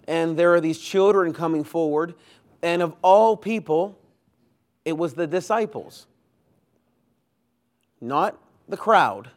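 A man preaching a Sunday sermon, earnest and emphatic, building his points through long lists with rising force. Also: a little high. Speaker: pastor. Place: church.

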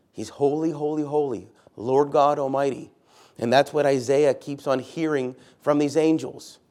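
A man's voice: on the high side, a little mellow. A man, a pastor, preaching a sermon in a church, stressing key words by repeating them and putting questions to the congregation.

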